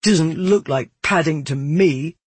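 A man's voice: on the high side, slow pace, breathy edge, no room sound. A narrator voicing an arrogant young nobleman who sneers and threatens in a cold, menacing way. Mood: contemptuous.

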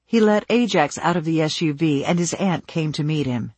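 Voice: mid-range voice, moderate pace, darkish tone, no echo. An audiobook narrator reading a suspense novel in scripted narration.

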